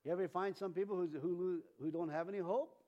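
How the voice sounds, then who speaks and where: A man with a high, light voice preaches a loose, conversational sermon in a church. He rambles, restarts his sentences and chuckles at his own jokes. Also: fairly even intonation, fast, warm tone, muffled recording. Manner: rambling, self-interrupting, chuckling often. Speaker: pastor. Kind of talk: informal sermon.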